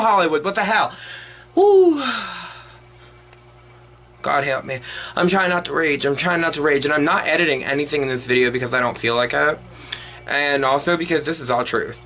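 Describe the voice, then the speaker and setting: A man's voice: fairly high pitch, bright, forceful tone, slight background noise. Exasperated, profane young man ranting. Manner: profane, exasperated, rambling with restarts. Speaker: movie reviewer. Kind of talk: unedited ranting review.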